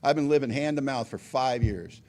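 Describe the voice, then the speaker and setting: A man's voice: medium pitch, normal speed, a little mellow. Middle-aged american guy sharing his sobriety story, earnest, pokes fun at himself. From United States. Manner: earnest storytelling with acted quotes and self-deprecating humor. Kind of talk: storytelling talk at a recovery meeting.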